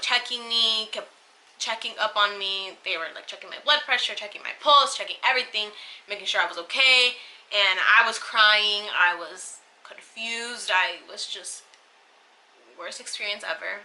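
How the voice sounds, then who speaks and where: A young woman telling a personal story on her vlog in a casual, halting way, turning tearful. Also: mid-range voice, sharp tone, poor audio. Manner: emotional, tearful retelling, halting. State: crying at times. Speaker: vlogger.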